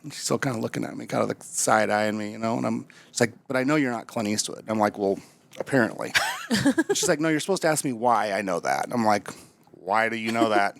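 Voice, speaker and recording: A man's voice: on the low side, lively intonation, brisk, vocal fry, a little hiss or hum. A man from Nebraska telling a chatty, jokey story as a guest, a frog in his throat. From Omaha, Nebraska. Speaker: guest, camper finance manager. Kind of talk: casual storytelling.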